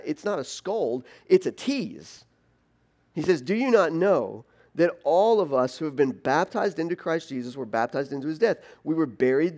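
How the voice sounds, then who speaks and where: A pastor preaching a sermon in an animated, conversational way, acting out the questions a listener might ask. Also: male voice, a little high. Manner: animated, teasing and conversational, voices imagined objections.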